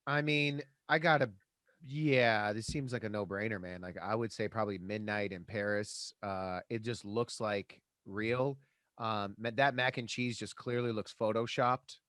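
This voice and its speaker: A man's voice: lowish voice, measured pace, a bit bright, no room sound, studio quality. A man playing as a contestant in a comedy game, bantering casually with slangy, laid-back talk.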